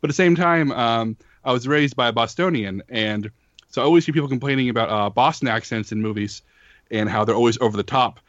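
A man co-hosting a casual discussion podcast, speaking in a measured, thoughtful way with some filler words. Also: medium pitch, no echo, highs cut off. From raised in the United States. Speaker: podcast co-host.

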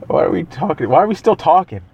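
A man co-hosting a podcast, telling stories in an animated way and laughing often. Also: fairly high pitch, quick pace, creaky, slight background noise. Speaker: podcast co-host. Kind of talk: casual podcast chat. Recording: slightly dull lo-fi sound.

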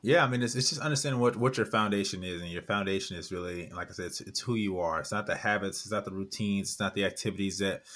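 A man's voice: deep voice, fast, hardly any pauses, fairly bright tone. A man in his thirties talking earnestly in a casual podcast chat, rambling and repeating words as he acts out little quotes. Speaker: podcast guest author.

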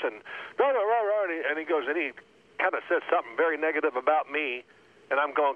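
A man in his sixties telling stories in a casual, animated way and acting out quotes in other voices. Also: fairly high pitch, fast. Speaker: guest, former pro quarterback. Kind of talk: casual storytelling. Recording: phone-like line.

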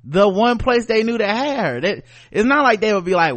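A man's voice: high voice, very animated, a little fast, few pauses, a bit bright, dry recording. A man co-hosting a podcast, retelling a show episode in loose, profane, casual chat. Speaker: podcast co-host.

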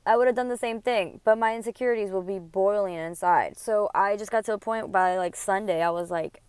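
A woman's voice: lowish voice, fairly even intonation, a little fast, hardly any pauses, darkish tone, clean tone, no room sound. A woman in her thirties hosting a podcast, telling a personal story in a heated, rambling way and swearing often. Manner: profane, indignant, rambling. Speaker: podcast host.

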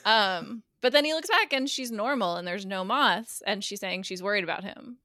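Bright animated woman recapping a show. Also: mid-range voice, no echo, studio quality. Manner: animated storyteller, acts out lines with quick voice shifts. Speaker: guest co-host recapping a TV episode. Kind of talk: casual podcast chat.

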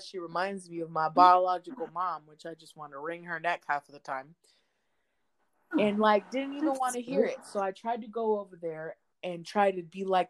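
A woman co-hosting a podcast from home, her voice in an ordinary middle pitch. She tells a long story in casual, profane, animated talk and acts out what others said. Faint noise sits behind her. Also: poor audio. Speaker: podcast co-host. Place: home, indoors.

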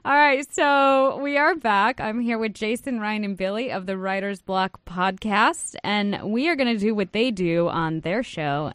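A woman's voice: mid-range voice, no echo, studio quality. Playful young woman hosting a podcast. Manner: laughs often, playful teasing. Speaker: podcast host. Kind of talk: casual chat.

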